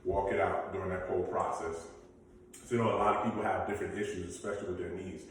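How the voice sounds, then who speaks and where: A man in a fitness class calls out moves and counts down the reps in a low voice, cheering people on. He sounds far from the mic, with a very echoey room around him and a faint hiss. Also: steady tone, fast. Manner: encouraging, coaching cues and countdowns. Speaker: fitness instructor. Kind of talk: workout instruction with counting.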